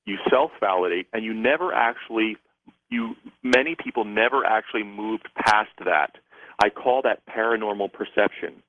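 Low-voiced male radio guest calling in by phone, measured, lecturing delivery, dry and tinny. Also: no room sound. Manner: measured, lecturing, lists ideas. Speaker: psychic and author, radio guest. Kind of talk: explanatory talk on a call-in radio show.

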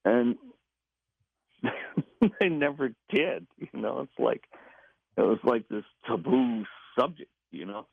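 A man telling a personal story in a casual interview, halting and repeating words as he goes. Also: mid-range voice, expressive, vocal fry, slightly rough, dry recording. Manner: halting, repeats words, laughs between phrases. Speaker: guest recounting an experience. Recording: tinny phone line.

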